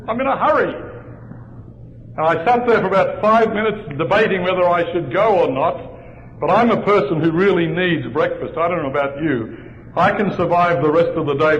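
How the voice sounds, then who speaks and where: A male pastor telling a humorous personal story during a sermon, in a lively storytelling manner. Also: a little high, slight background noise. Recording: dull lo-fi recording in a large reverberant hall.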